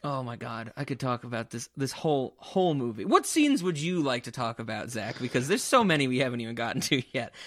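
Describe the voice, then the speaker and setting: A man's voice: medium pitch, big pitch swings, a little fast, hardly any pauses, fairly bright tone. A man co-hosting a podcast in casual chat, talking enthusiastically and laughing often. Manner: enthusiastic, laughing, acts out quotes. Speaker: podcast co-host.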